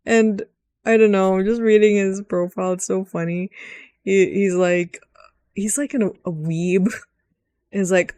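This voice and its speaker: A woman's voice: medium pitch, steady tone, unhurried, mellow, smooth, no echo. A woman giving rambling, giggly gaming commentary as host, swearing freely.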